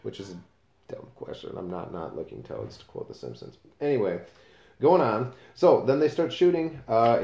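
A male teacher with a fairly low, soft-edged voice walks through a novel in a relaxed, explanatory way, stopping to read passages aloud. The sound carries a roomy echo around him. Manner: casual explanatory, reads quotes aloud with page numbers.

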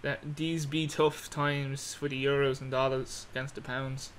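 A man's voice: mid-range voice, little pitch movement, a little slow, fairly bright tone. An Irish man interviewing in casual chat, with dry, joking banter.

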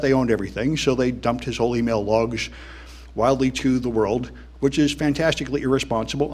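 Man, conference speaker, husky mid-pitch voice, sardonic, loose and chatty delivery. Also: darkish tone. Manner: wry, dismissive, conversational with many fillers. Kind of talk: conference talk. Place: conference hall.

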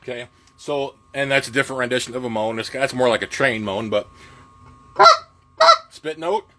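A man's voice: medium pitch, fairly even intonation, fast, heavy background noise. A man giving a casual lesson on goose calling, plainspoken and folksy, with plenty of filler words. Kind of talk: casual instructional talk.

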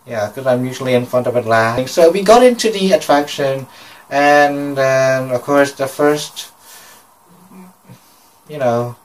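Man, travel vlog narration, slow delivery, hesitant, lots of fillers, slightly distant mic. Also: medium pitch. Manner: hesitant, with many fillers and pauses. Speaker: vlogger.

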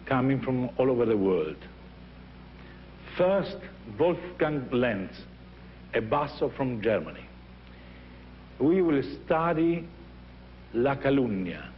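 An older man with an Italian accent coaches young singers, his speech animated as he acts out little scenes and voices. The recording is dull and lo-fi, with a faint hiss behind him. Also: mid-range voice. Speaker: opera teacher leading a masterclass. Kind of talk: teaching and storytelling.

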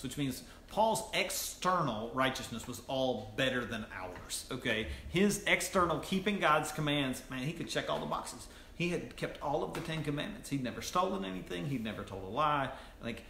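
A pastor preaching a sermon in a casual, conversational way, full of asides to the congregation. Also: male voice, medium pitch, vocal fry, sharp tone, echoey room, slight background noise. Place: church sanctuary.

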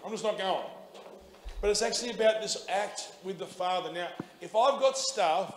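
High-voiced Australian pastor preaching. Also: male voice, normal speed, slight background noise. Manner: energetic, colloquial and punchy, shifting from shouting to hushed prayer. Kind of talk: sermon. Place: church.

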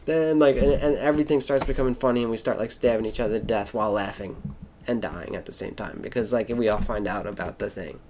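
A man's voice: fairly low pitch, quick pace, darkish tone, a little hiss or hum. A man rambling through a casual monologue, swearing constantly, wandering between thoughts and trailing off mid-sentence. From Florida.

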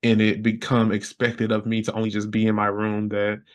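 Man retelling a story, rambling and animated. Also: a little fast. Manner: animated, jumps high when quoting others; loose, rambling with fillers. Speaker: podcast guest. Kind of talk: casual interview storytelling.

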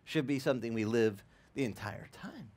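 A man preaching a sermon as pastor, telling lively stories with acted-out quotes and frequent stammered restarts. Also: medium pitch, moderate pace. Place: church.

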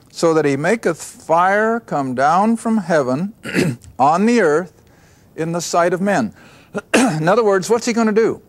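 A man teaching a Bible study, reading verses aloud and explaining them, often asking questions and answering them himself. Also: on the high side. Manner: reads scripture aloud then explains.

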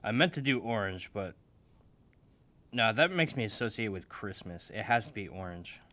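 A young man making a beat in his office, joking at himself, loud one moment and mumbling the next, still waking up. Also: on the low side, animated, normal speed. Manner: joking, self-mocking, swings between loud and mumbled. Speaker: music producer. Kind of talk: casual talk while making a beat. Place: home office.

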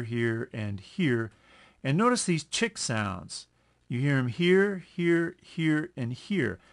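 Over a screen recording, a music instructor gives a lesson, speaking at a medium pitch and an unhurried pace. He corrects himself along the way and counts the beats out loud.

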